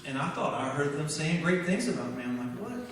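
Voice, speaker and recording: A man giving a guest sermon in a church, telling a personal story and acting out the dialogue with animated energy. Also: fairly high pitch, brisk, a little hiss or hum. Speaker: guest speaker. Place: church sanctuary. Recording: echoey church hall from far off.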